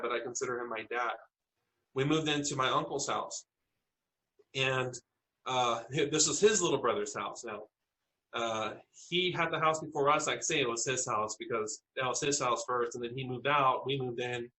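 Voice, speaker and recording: A man from South Texas recounting eerie personal stories as a podcast guest. His voice is bright and forward, sitting in a middle pitch. He talks in an earnest, halting way, often restarting his sentences. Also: rough recording. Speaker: interview guest.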